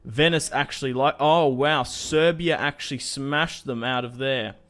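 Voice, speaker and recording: A man's voice: medium pitch, a little slow, a bit bright, faint music behind. A young man giving casual, rambling commentary on a strategy game, thinking aloud with fillers. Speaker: gaming YouTuber.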